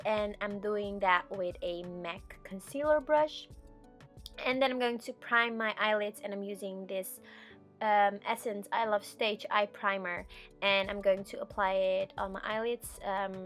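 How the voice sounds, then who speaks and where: Young woman, beauty vlogger, makeup tutorial voice-over, chatty, frequent ums, mid pitch, faint music behind. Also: fairly bright tone.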